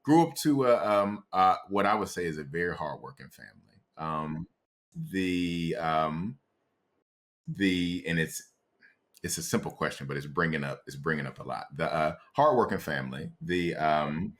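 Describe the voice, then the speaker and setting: Deep-voiced man, halting and reflective. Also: expressive, fairly bright tone. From Columbus, Ohio, US. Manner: halting and reflective, often restarts while searching for words. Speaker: podcast guest, psychotherapist. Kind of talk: casual interview conversation.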